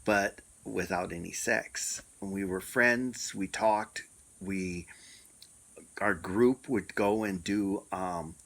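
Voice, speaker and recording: A middle-aged man with a fairly low voice recounts a personal story at a slow, deliberate pace. His telling is reflective, with many pauses and fillers. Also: steady tone, a bit bright. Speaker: storyteller sharing a personal experience.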